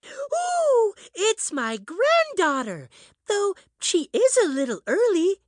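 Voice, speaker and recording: A woman's voice: very high voice, huge pitch swings, takes it slowly, no room sound, studio quality, exaggerated voice. A woman voicing a spunky old granny who turns superhero in a puppet show, chirpy and feisty.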